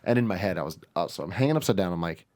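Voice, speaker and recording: A man's voice: low-pitched, animated, very fast, darkish tone. A young man co-hosting a casual chat show, telling a story in a loose, profane way. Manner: casual, swears freely, brief backchannels. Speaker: podcast co-host.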